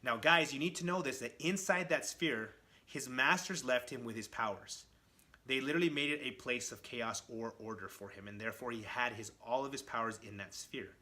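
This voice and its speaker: Bright, eager man retelling comics. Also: mid-range voice, moderate pace. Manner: enthusiastic, addresses viewers directly. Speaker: comic book vlogger. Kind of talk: casual comic book retelling.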